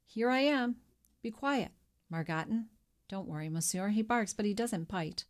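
A woman's voice: medium pitch, normal speed, darkish tone, lightly acted. A woman reading an audiobook and voicing an eager, ingratiating male innkeeper who fusses over a guest. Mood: flustered. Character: fawning, flustered male innkeeper, middle-aged. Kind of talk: audiobook character voice.

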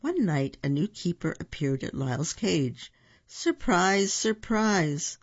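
A storybook reader narrates a picture book in an unhurried, gravelly voice, pausing at times for comments on the illustrations. His mid-range voice is dark in tone yet swings widely in pitch, and the recording comes across as dull and lo-fi.

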